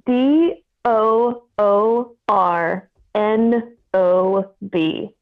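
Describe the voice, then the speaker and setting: A woman's voice: mid-range voice, very slow. A woman calling in to a comedy podcast, shy and giggly. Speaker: caller. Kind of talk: phone-in call. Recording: tinny phone line.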